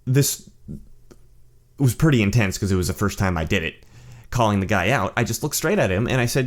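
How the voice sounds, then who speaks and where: A man hosting his own channel, telling a personal story in a casual monologue, animated and blunt, swearing and often restarting his sentences. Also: on the low side, brisk, pauses often. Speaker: channel host.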